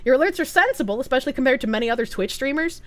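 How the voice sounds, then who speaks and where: A woman live-streamer talks to her chat in a loose, giggly way, her pitch bouncing all over the place. She breaks into high squeals when thanking donors. The sound is close and dry, with no room in it. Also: animated, very fast, fairly bright tone, no echo. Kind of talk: casual live-stream chat, reading chat aloud.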